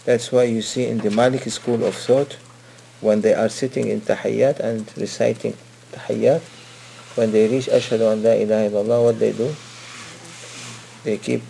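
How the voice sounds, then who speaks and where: Guy preaching a story, repeats himself, asks the room questions, warm low mellow voice. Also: creaky, slight background noise. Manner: repetitive, asks the listeners questions. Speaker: religious teacher. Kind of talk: storytelling sermon.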